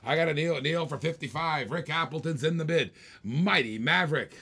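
A man's voice: a little high, normal speed, bright, forceful tone, slightly rough. A man hosting a live online auction, calling bids in playful, repetitive patter with jokes. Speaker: auctioneer and host.

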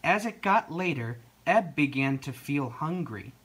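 A storyteller reading a children's picture book aloud, slow and expressive. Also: mid-range voice, slight background noise. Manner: slow, expressive read-aloud with lively intonation.

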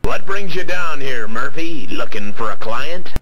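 An actor playing a gruff, tired big city police detective who talks in curt, brusque lines, in 1990s video game voice acting. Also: male voice, medium pitch, lively intonation, measured pace, bright, forceful tone, heavily acted, low-quality recording.

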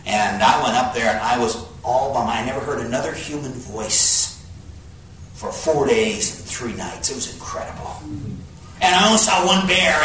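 A man preaches a sermon, animatedly spinning a folksy story and swinging from quiet, low asides to high exclamations. The recording comes from far off in an echoey hall, with a faint hiss.

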